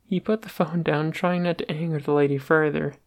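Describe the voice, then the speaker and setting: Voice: medium pitch, fairly even intonation, a little fast. An amateur reader narrating a fan story aloud, stumbling and restarting now and then.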